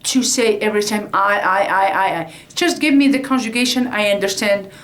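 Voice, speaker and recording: A woman teaching a language lesson, explaining slowly and repeating each word several times. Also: medium pitch, a bit bright, distant mic. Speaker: Arabic teacher. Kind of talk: slow classroom explanation at a board. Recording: echoey room, voice from off-mic.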